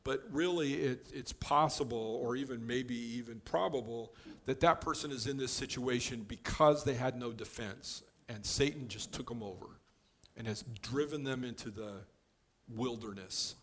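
A man of ordinary pitch walks his listeners through scripture in an easy, conversational teaching voice. He explains each verse plainly and drops in the odd offhand joke. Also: moderate pace. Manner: relaxed and explanatory, with offhand joking asides. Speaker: Bible teacher.

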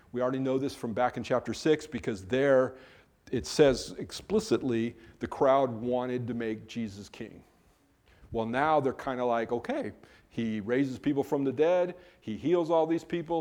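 Man preaching in a relaxed, chatty way. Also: medium pitch. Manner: conversational, explaining scripture with self-corrections. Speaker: pastor. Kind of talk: sermon.

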